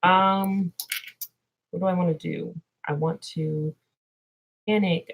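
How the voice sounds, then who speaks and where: A woman's voice: fairly low pitch, steady tone, slow pace, creaky, long pauses, very noisy. A woman streaming live, chatting with viewers in a scatterbrained, silly way and breaking into improvised songs. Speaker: livestream host answering chat. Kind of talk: rambling livestream chat with improvised singing.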